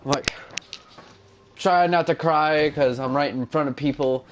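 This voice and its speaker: A man's voice: a little high, measured pace, a little hiss or hum. Young man rambling through a story. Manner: rambling, loose, with fillers and mumbled asides. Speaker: gaming channel host. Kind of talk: casual storytelling over gameplay.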